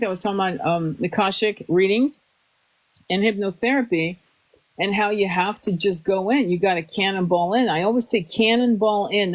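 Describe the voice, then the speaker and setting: A woman's voice: mid-range voice, poor audio. A woman who does spiritual readings and hypnotherapy, talking casually with restarts, stretched words and some swearing.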